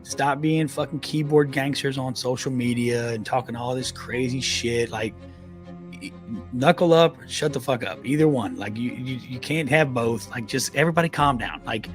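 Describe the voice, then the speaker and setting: A man's voice: mid-range voice, moderate pace, soft background music. Profane ranting man. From United States. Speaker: podcast co-host. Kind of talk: profane comedic rant.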